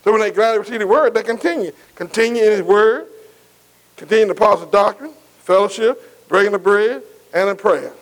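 A man's voice: sits high, a little fast, poor audio. A man preaching a sermon, emphatic and repetitive, calling on his congregation to answer him. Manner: call-and-response, asking the congregation to answer.

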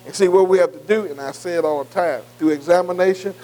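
A man with a high voice teaches a Bible class the way a preacher delivers a sermon. He talks earnestly and in plain, informal speech. He keeps leaving words for his listeners to fill in and checks in with them again and again. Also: quick pace, dark tone, rough recording. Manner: call-and-response fill-in questions; repeated "am I right?" checks with listeners.

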